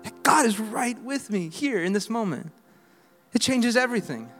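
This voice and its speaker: A man preaching a sermon, swinging between loud exhortation and quiet reflection, with humorous asides and call-and-response lines. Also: sits high, animated, normal speed. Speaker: pastor. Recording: reverberant hall with faint music.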